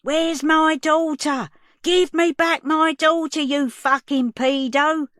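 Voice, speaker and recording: A woman's voice: steady tone, slow, fairly bright tone, no echo, studio quality. A woman narrator voicing a distraught young mother who screams and shrieks in desperation. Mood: screaming. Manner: shrill shrieking.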